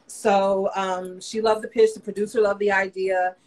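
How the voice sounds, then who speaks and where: A woman's voice: medium pitch, level tone, normal speed, a little mellow, poor audio. A woman fashion designer, a guest in a casual interview, telling her story candidly with lots of "you know".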